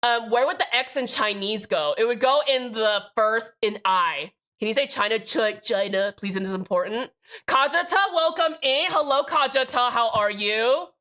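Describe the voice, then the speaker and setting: Bright-voiced woman streamer, profane and chatty. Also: a little high, normal speed. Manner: profane, joking, reads out chat names; rambling with trailing restarts. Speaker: live streamer. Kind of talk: casual livestream chat.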